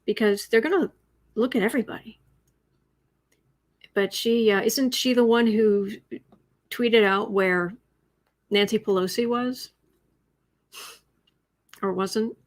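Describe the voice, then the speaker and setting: Slow and deliberate with long pauses, this woman's voice is on the high side. As host of an astrology and tarot livestream, she chats and reads viewers' comments aloud, at times sinking into whispers or cooing to her pet.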